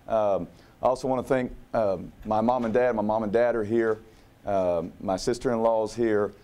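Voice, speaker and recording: New coach, Oklahoma drawl, thirties, lowish voice, humble and halting. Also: male voice, fairly even intonation, warm tone. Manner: humble, halting, many "uh"s and repeats. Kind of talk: press conference speech.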